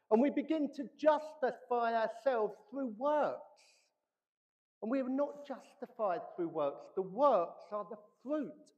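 A man preaching a sermon as pastor, animated, acting out the voices he quotes. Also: very high voice, measured pace. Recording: reverberant hall, dull lo-fi sound.

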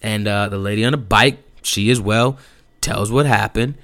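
A man's voice: on the low side, moderate pace, no room sound. A young man telling a personal story in a casual, slangy and profane way, acting out the people in it. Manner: animated, slangy and profane, acts out quotes.

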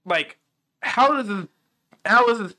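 High bright woman, jokey podcast co-host, laughs a lot. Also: animated, measured pace. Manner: joking, laughs often. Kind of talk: casual chat.

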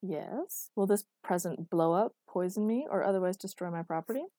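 Deadpan weary boyfriend, read by a woman, dark mellow tone, close dry sound. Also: medium pitch, normal speed, no echo, natural voice. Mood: exasperated. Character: dry, patient exasperated boyfriend.

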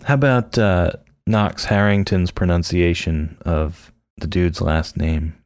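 A man's voice: low voice, fairly even intonation, takes it slowly, a little mellow, clear, resonant tone. A man co-hosting a podcast, chatting casually about a film and acting out lines in playful voices. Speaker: podcast co-host. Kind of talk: casual film commentary chat.

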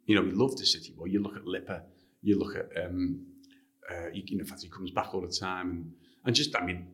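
A man from Liverpool with a Liverpool accent, a guest author telling anecdotes in an interview in an animated way. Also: low voice, fairly quick. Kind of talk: interview storytelling.

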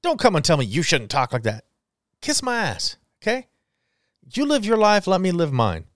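A man's voice: high voice, huge pitch swings, fairly quick, no room sound, clean studio sound. A man in his forties hosting a solo podcast, ranting bluntly and swearing freely. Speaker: podcast host. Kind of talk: casual solo podcast rant.

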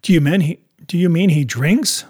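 Excitable, indignant country squire, put on by a male narrator; quick to protest. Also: medium pitch, husky, full character voice. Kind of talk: audiobook character reading.

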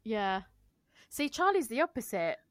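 A woman speaks in a frank, casual way and slips easily into the voices of people she is quoting. Her pitch is a bit high and the recording is close and dry. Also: very animated, measured pace, smooth, no room sound. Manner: frank, swears casually, acts out quoted voices. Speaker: podcast co-host, sister. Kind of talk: casual chat.

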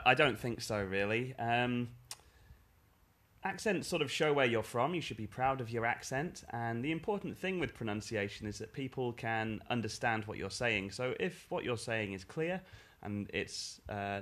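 A man from the north of England with a northern English accent, an English teacher answering podcast questions in a measured, explanatory way with frequent ums. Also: medium pitch, fairly bright tone.

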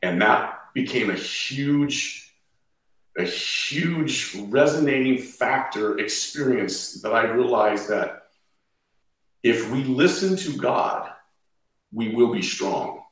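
A man's voice: mid-range voice, animated, slow, a bit bright. A man, a podcast guest, earnestly sharing his faith and quoting scripture freely in conversation. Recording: echoey, distant from the mic.

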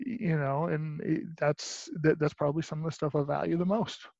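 A man in casual conversation who speaks haltingly, repeating words as he searches for them. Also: fairly high pitch, flat delivery, gravelly, a little mellow, no room sound, dull audio.

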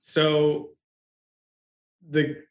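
A man's voice: fairly high pitch, monotone, very slow. A man hosting a podcast interview, answering his guest with short affirmations and follow-up questions. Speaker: podcast host. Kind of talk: casual interview. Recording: roomy echo.

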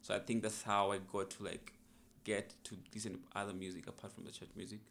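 Young musician guy, low gravelly voice, chill and reflective, bit of faint noise behind. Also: flat delivery, fast, a bit bright. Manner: laid-back, reflective storytelling. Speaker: musician guest. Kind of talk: casual podcast interview.

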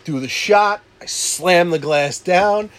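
A man's voice: high voice, slow pace. Man animatedly telling a drinking story. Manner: animated, swearing, loud acted-out quotes. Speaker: podcast co-host telling a story. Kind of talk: casual storytelling chat.

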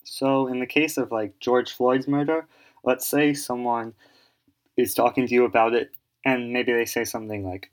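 A man's voice: medium pitch, steady tone, moderate pace. A man explaining an idea in casual, rambling talk, full of fillers and restarts as he thinks aloud. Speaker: solo speaker giving advice.

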